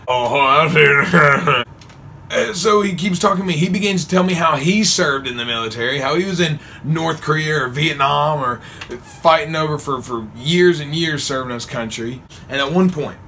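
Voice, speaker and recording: Young man, vlogger, bright tone, faint background noise, laughing storyteller. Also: a little high, normal speed. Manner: animated, laughs often, acts out quotes. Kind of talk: casual storytelling.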